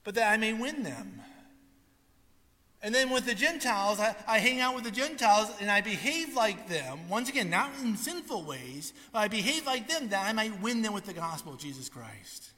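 Guy preaching a sermon, bright sharp tone, acts out the quotes, long hall reverb. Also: sits high, moderate pace. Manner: animated storytelling, acts out quotes. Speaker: pastor.

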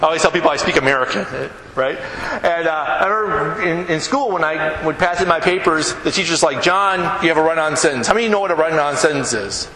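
A man preaching a folksy, animated sermon to his congregation, joking and reading scripture. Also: on the high side, fast talker, few pauses, roomy sound, big-room sound, a crowd in the background, rough recording. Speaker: pastor. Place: church sanctuary.

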